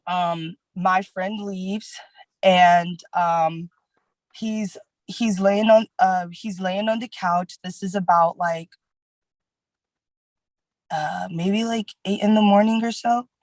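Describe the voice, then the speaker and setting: Woman petitioner, halting courtroom testimony, mid pitch, dry close sound. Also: fairly even intonation, darkish tone, no echo, rough recording. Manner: halting, filler-heavy retelling.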